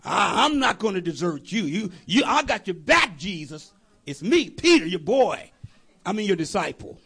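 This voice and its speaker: Male preacher plays a swaggering, slangy disciple; husky, high, sing-song delivery. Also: big pitch swings, normal speed, fairly bright tone, heavily acted. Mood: boastful. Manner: cocky slangy bragging with chuckles. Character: brash, boastful male disciple, grown man.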